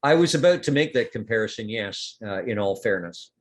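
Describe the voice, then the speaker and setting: A man's voice: on the low side, lively intonation, brisk. A man narrating as game master of a tabletop game in a casual, rambling way.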